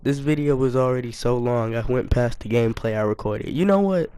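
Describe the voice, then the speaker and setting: A young man telling a casual story to his viewers, animated and self-mocking, full of slang. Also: medium pitch, brisk, smooth, no room sound. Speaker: storytime YouTuber.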